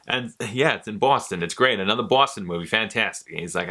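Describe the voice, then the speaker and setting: A young man talks through a movie review in a relaxed, offhand way. He drops sarcastic asides and casual swearing. His tone is bright and sharp at a middling pitch. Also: brisk.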